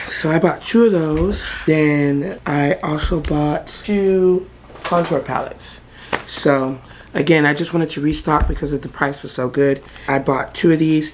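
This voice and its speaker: Low, unhurried woman chatting through a haul. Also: steady tone, a little hiss or hum. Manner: chatty, swears freely, breaks into song. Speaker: vlogger. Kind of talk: casual makeup haul vlog.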